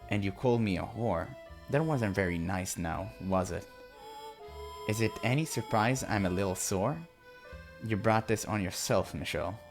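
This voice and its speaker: A man reading a visual novel aloud and voicing a sadistic, mocking young woman captor in his own fairly low voice. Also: normal speed, gravelly, over music. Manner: taunting, sneering.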